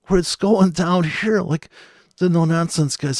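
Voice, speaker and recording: Gravelly, profane man riffing on trades. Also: on the high side, unhurried, a little mellow, no echo. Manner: rambling, profane, sarcastic. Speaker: forex trader. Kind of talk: casual screen-share trading commentary.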